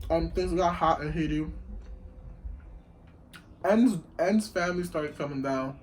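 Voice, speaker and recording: A young man telling a story casually while eating, slangy and rambling, getting loud when he acts out what people said. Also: on the high side, slow, long pauses, a little hiss or hum, poor audio. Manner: animated, acts out quoted lines loudly. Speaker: vlogger.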